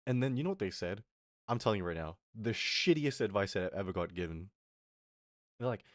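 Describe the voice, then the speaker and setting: A young man rants to his stream, his low voice swinging wildly as he acts out other people's lines. The sound is dry and close, with no room around it. He swears freely and stays casual throughout. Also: fairly quick, dry recording. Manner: animated, swearing, laughing, acting out quotes. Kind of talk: casual storytelling rant.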